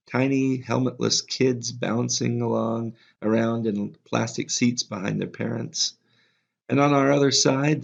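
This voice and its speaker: Low gravelly guy reading an audiobook, calm, kinda muffled audio. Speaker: audiobook narrator. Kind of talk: scripted narration. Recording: slightly dull lo-fi audio.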